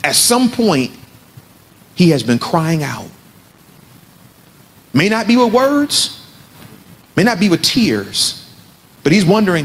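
A man's voice: high-pitched, sing-song, slow, gravelly, pauses often. A man preaching a sermon to a men's gathering, telling a story and then building to fervent exhortation.

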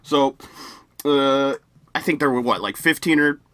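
Bright-voiced rambling podcast host. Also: male voice, mid-range voice, unhurried, no room sound. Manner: rambling, restarts and self-corrections. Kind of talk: casual chat.

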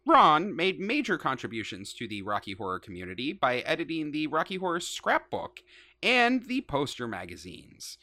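A woman's voice: low voice, wildly swooping pitch, moderate pace, bright, forceful tone, no echo. A woman co-hosting a casual podcast, joking and reading out news segments. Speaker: podcast co-host.

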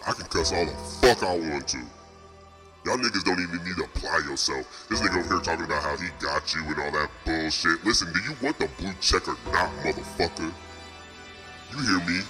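A man's voice: sits low, fairly quick, voice pushed down, close to an everyday voice. A man voicing a brash, foul-mouthed male devil who taunts the listener over a music beat. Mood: taunting. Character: crude male devil tempting from below.

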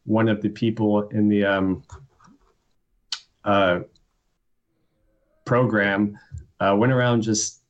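Low-voiced young man, rambling. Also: little pitch movement, slow, long pauses, dull audio. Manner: rambling, many fillers and restarts. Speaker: poet, interview guest. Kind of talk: casual conversation.

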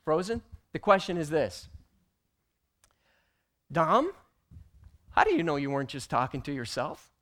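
A man teaching a church group, telling a personal story with animated delivery that builds to loud, emphatic peaks. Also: a little high, unhurried, long pauses. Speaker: church teacher presenting slides.

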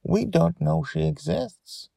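A man voicing an older grandmother in a story, speaking high and tearfully, then gushing. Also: expressive, takes it slowly, vocal fry, dark tone, no echo, full character voice. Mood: sorrowful. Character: emotional grandmother, older woman.

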